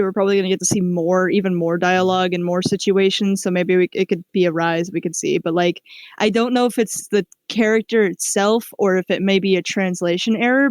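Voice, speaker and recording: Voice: mid-range voice, no room sound. Rambling Midwestern gamer, dry sound. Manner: rambling, many fillers and restarts. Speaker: let's-play podcast cohost. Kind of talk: casual chat.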